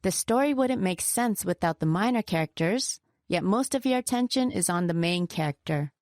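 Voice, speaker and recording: A woman co-presenting a scripted pronunciation lesson, slowing down to stress example words with care. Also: medium pitch, lively intonation, darkish tone, no echo, studio quality. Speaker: pronunciation teacher.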